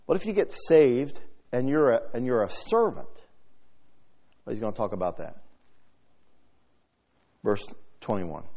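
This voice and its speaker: A man preaching a sermon, reading scripture aloud and swinging from soft talk to loud, emphatic delivery. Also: medium pitch.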